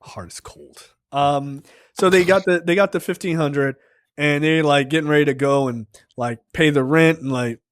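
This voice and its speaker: A man's voice: fairly high pitch, fairly even intonation, normal speed, no room sound, studio quality. A man co-hosting a film review podcast, recapping scenes in a loose, profane, casual way. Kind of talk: casual chat.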